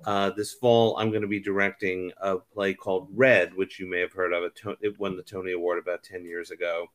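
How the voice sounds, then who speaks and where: Low-voiced relaxed male theater director. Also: fairly quick. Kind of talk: casual conversation.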